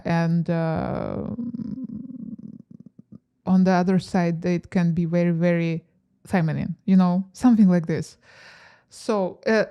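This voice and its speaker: A woman giving a pick-a-card tarot reading to camera, gentle and musing, with frequent fillers and soft laughs. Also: on the low side, smooth. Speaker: tarot reader.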